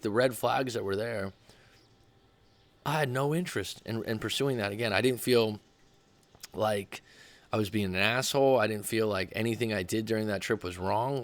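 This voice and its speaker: A man, a dating coach, telling a personal story in a candid, rambling way that often corrects itself. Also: lowish voice.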